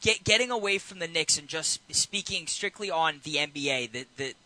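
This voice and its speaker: A man co-hosting a casual radio debate about basketball, emphatic and animated, often repeating his point. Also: a little high, normal speed, poor audio. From New York. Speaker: co-host.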